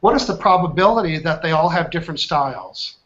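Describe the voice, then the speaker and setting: A man's voice: a little high, lively intonation, a little fast, a bit bright. A man leading an online coaching class, upbeat and chatty, often checking in with his students. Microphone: video call. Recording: muffled online call audio.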